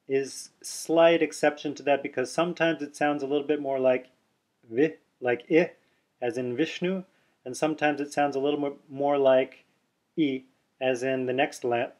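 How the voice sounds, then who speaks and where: A man teaching pronunciation in an unhurried explanatory way, often restarting phrases and repeating example sounds. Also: medium pitch, a little mellow. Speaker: language teacher. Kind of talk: explaining pronunciation over a document.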